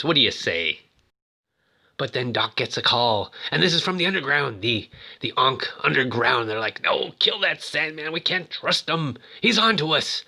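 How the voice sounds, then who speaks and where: A man in his fifties rambling excitedly as he retells a movie plot in casual chat. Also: medium pitch. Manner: rambling, excitable, lots of fillers. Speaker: movie toy reviewer.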